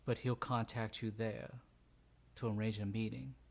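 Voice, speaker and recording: A man voicing a guarded male go-between who passes on news in a slow, measured way during a tabletop game. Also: lowish voice, flat delivery, gravelly, darkish tone. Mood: matter-of-fact.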